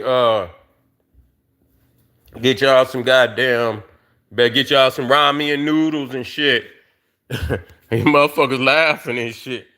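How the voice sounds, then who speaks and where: A man's voice: mid-range voice, pushed and bright. A middle-aged man ranting on a casual livestream, profane and rambling, with lots of fillers, talking straight to his viewers. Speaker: livestream host.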